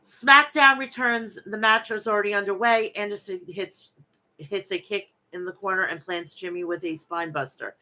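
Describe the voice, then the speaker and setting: Bright nasal Long Island woman. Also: mid-range voice, steady tone, normal speed. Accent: Long Island New York. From New York, Long Island. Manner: chatty, blunt, swears freely. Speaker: wrestling podcast host. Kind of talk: casual chat and recap reading.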